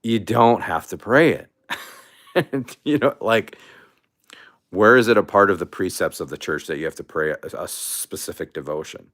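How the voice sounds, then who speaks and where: A man's voice: deep voice, moderate pace. A man hosting a casual livestream, out of breath and rambling with many restarts. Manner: rambling, animated, restarts often. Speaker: livestream host.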